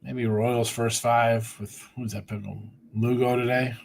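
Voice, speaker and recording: A man's voice: mid-range voice, flat delivery, unhurried, vocal fry, slight background noise. A man hosting a sports betting podcast, chatting casually and reading viewer comments, tired after a short night. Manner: rambling, offhand, talks to chat by name. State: tired, yawning.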